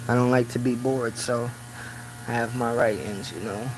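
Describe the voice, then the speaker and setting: A man's voice: mid-range voice, steady tone, normal speed, background noise. A man hosting a casual live stream from his small office at work, talking in loose phrases full of "you know". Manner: talks in loose run-on phrases, many "you know" fillers; grows loud and preaching when riled. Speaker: livestreamer.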